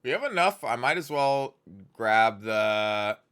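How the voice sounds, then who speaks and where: A man's voice: medium pitch, expressive, slow pace, fairly bright tone, smooth. A man streaming a game live, chatting casually and reading the game's narration aloud with the odd stumble.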